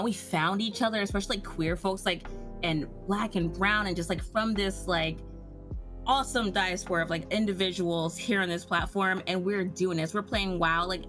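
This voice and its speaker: A woman's voice: mid-range voice, fairly bright tone. A woman guest in a casual round table chat, rambling and heartfelt, full of "like"s.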